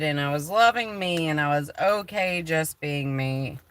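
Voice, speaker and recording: A woman's voice: sits low, big pitch swings, slow, few pauses, sharp tone, smooth. A woman chatting candidly on a livestream, emotional and swearing freely. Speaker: live streamer. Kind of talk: casual livestream chat.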